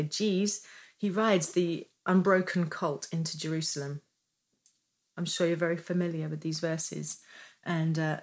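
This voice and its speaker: A middle-aged woman giving an informal devotional teaching, animated and often laughing, moving into fervent worship. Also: fairly low pitch. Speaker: Christian teacher sharing a devotional.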